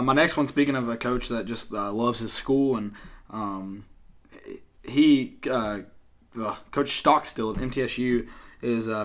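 Young male co-host, casual rambling sports talk, filler-heavy. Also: medium pitch. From Tennessee, US. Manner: rambling, many fillers, mock-yells impressions. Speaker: podcast co-host.

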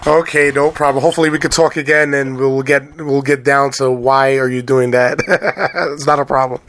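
A man's voice: mid-range voice, flat delivery, moderate pace, fairly bright tone. A man hosting a radio interview who reacts to his guest with laughs and enthusiasm.

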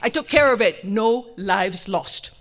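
A woman's voice: mid-range voice, lively intonation, unhurried, fairly bright tone, a little hiss or hum. A woman voicing her earnest, formal Nigerian husband, who talks in grand, stately phrases. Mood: grandly proud.

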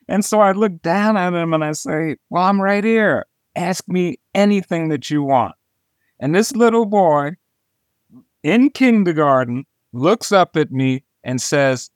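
A man who is an illustrator and interview guest, telling a story and acting out the dialogue in an animated way. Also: fairly high pitch, a little slow, dry recording, studio quality. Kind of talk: storytelling in conversation.

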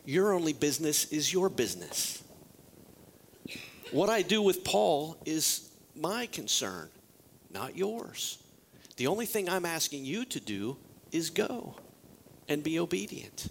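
A man voicing a calm, commanding God. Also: a little high, gravelly, a little hiss or hum, full character voice, low-quality recording. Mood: firm. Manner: firm, measured. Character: calm, firm God giving orders.

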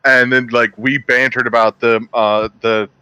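A young man from Louisiana in casual podcast chat, telling stories with quick silly voices. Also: medium pitch, smooth, no room sound, dull audio. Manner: animated storyteller doing quick silly voices.

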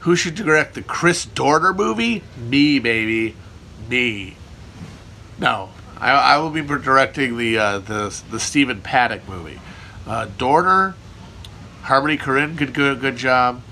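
A man's voice: mid-range voice, lively intonation, a little slow, bright, forceful tone, slight background noise. A man hosting a casual livestream, answering viewer questions in a rambling, irreverent, profane way. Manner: irreverent, profane, riffing, jokey. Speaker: livestream host answering chat.

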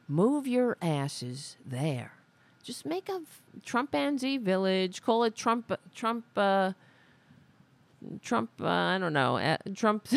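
A woman's voice: mid-range voice, vocal fry, dry recording. A woman hosting a podcast, ranting sarcastically in a casual political commentary. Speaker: podcast host.

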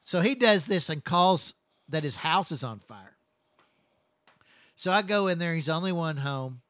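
A man's voice: a little high, expressive, unhurried, bright, forceful tone, no room sound. A man telling long, profane stories from his work as a first responder in a casual chat. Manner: profane, rambling, blunt.

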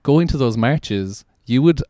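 A man's voice: medium pitch, expressive, a little slow, dark tone, no room sound. An Irish man hosting a podcast, talking in a casual, rambling way with many restarts. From Ireland. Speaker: podcast host.

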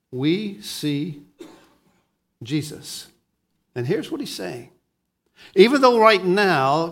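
A man preaching a sermon as pastor, swinging between soft, low lines and loud, lively ones, often restarting his words.

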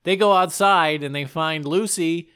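Man, slightly high voice, casual crude movie-recap banter, does silly character bits. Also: a little slow, fairly bright tone, smooth.

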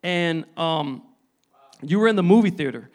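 A man in his thirties preaching a sermon, telling his testimony in an earnest, halting way with many restarts. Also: a little high, expressive.

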